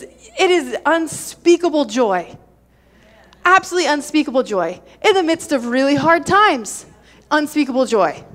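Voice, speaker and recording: High-voiced woman preaching with energy. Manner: energetic, calls for audience response. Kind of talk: sermon.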